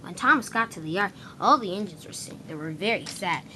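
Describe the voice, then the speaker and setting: A woman's voice: medium pitch, lively intonation, quick pace, background noise. A woman narrating an improvised toy-train story, restarting words as she goes.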